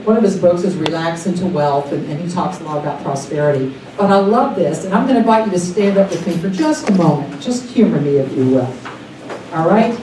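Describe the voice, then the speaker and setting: A woman giving a sermon at a church service, enthusiastic and animated, with excited exclamations. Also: fairly low pitch, a little fast, noisy background. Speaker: guest speaker at a church service. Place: large sanctuary during a service. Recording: echoey hall, picked up from a distance.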